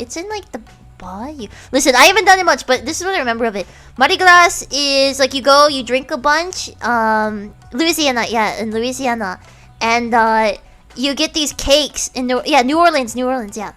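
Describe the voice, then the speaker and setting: An American woman hosts a casual stream chat, rambling through her thoughts with plenty of fillers and bursts of giggling. Her voice sits a little high and swings widely in pitch. Faint music plays underneath. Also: lively intonation, a little fast, sharp tone. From United States. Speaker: streamer host.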